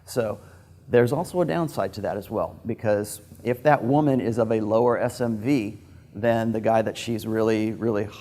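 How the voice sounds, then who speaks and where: A man's voice: on the low side, moderate pace, warm tone. A man giving an informal, frank lecture to a group in a loose, digressive way. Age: adult with a daughter.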